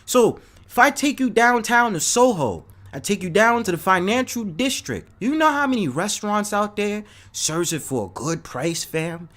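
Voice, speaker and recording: Animated New man ranting. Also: high voice, normal speed, few pauses. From New York City. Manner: animated, profane, addresses chat viewers by name. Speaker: host. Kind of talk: casual live-stream rant.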